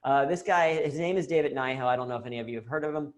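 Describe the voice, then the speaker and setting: An American man giving a lively, jokey talk on humor at work during a video-call Q&A. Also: mid-range voice, racing. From United States. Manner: animated, jokey, self-deprecating. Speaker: humor and leadership speaker.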